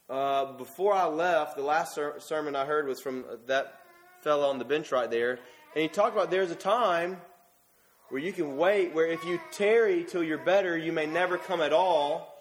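A man's voice: a little high, moderate pace. A man preaching a sermon in an earnest, emphatic way, often restarting his words.

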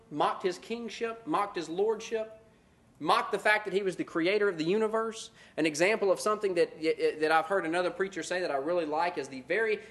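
A man preaching with a high, light voice. He is animated and mocks self-righteous believers with put-on voices between plain stretches of teaching. His pace jumps between quick bursts and slow, weighty phrases. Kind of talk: sermon.

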